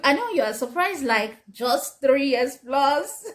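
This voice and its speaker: A woman's voice: high-pitched, expressive, takes it slowly, a bit bright. A woman talking earnestly to parents, advising them as a mother, often repeating herself and laughing. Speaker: mother giving parenting advice. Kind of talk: casual advice talk to parents.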